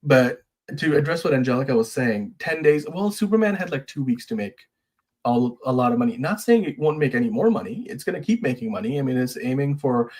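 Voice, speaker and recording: An easygoing man hosts a casual live stream in a voice of ordinary pitch. He reads out viewer comments and answers them in a relaxed, agreeable way, with plenty of fillers. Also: fairly quick. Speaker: show host.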